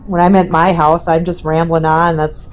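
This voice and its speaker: A woman's voice: lowish voice, flat delivery, normal speed, low-quality recording. A woman chatting casually as a guest, rambling through her stories and laughing often. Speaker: guest, house owner. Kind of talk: casual chat.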